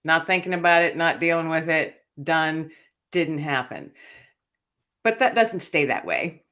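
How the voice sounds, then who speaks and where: A woman's voice: low-pitched, animated, a little slow. Earnest woman recounting her story. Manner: earnest, reflective storytelling, often dropping quiet. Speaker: author and speaker, interview guest. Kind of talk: personal testimony in an interview.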